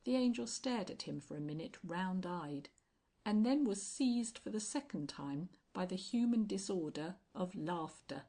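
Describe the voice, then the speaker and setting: A woman reading a classic novel aloud as an audiobook narrator, calm and measured. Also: lowish voice.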